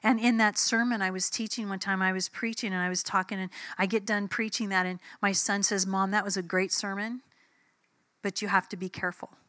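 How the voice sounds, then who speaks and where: A woman's voice: medium pitch, fairly even intonation, fairly quick, a bit bright, dry recording, studio quality. A woman preacher giving a sermon in a conversational, emphatic way, telling personal stories and acting out the dialogue.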